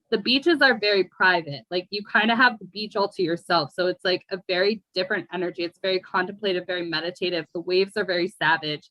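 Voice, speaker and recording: A woman's voice: medium pitch, pushed and bright, no echo, rough recording. A young woman from the United States, chatting casually as a guest poet with lots of fillers. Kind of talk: casual conversation. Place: remote call from abroad.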